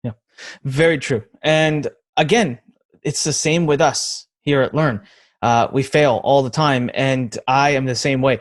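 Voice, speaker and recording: A man's voice: medium pitch, steady tone, unhurried. A man in his thirties hosting a podcast interview, talking in an easygoing, joking way. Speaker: podcast host.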